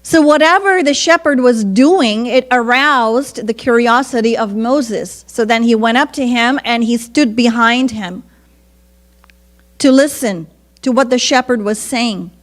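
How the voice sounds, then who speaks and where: A woman preacher telling a devotional story in an earnest, measured sermon. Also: fairly high pitch.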